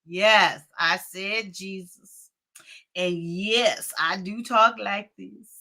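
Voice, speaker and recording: A woman's voice: mid-range voice, steady tone, extremely slow, pushed and bright. A woman hosting a casual livestream, chatting with viewers and laughing often. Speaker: livestream host.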